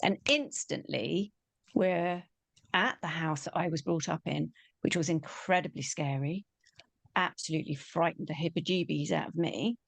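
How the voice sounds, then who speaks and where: A woman with a fairly low voice tells a personal story in an animated way. She acts out the quoted voices as she goes. The recording is dry and close. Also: moderate pace, vocal fry, dry recording. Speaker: spiritual teacher.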